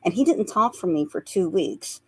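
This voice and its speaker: A woman with a lowish voice tells a long personal story as a radio guest. She speaks earnestly and laughs softly at the funnier memories. Her voice is close and dry on a studio mic. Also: lively intonation, normal speed, slightly rough, dry recording. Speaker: guest, psychic portrait artist. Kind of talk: recounting past-life memories in a radio interview.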